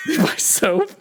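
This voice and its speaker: A man co-hosting a podcast, talking in casual banter, emphatic and quick to laugh. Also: very high-pitched, a little hiss or hum. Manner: animated and emphatic, laughs often. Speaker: podcast co-host.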